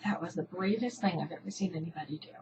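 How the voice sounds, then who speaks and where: A woman's voice: on the low side, quick pace, creaky, highs cut off, noisy background. A middle-aged woman from New Jersey telling her family story, emotional and heartfelt, her voice sometimes dropping to a whisper. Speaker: patient advocacy founder. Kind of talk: personal story to camera.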